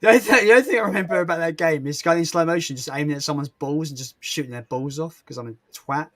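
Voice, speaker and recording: A young man in casual stream chat, reading out viewer questions, hesitant and self-deprecating, often clearing his throat. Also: fairly high pitch, quick pace.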